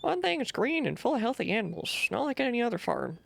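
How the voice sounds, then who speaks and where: A woman voicing a grumpy rural old male pig farmer, drawling slowly and folksy, reading game dialogue aloud. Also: on the high side, sing-song, creaky, slight background noise, pitched above the performer's own voice, full character voice. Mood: grumbling.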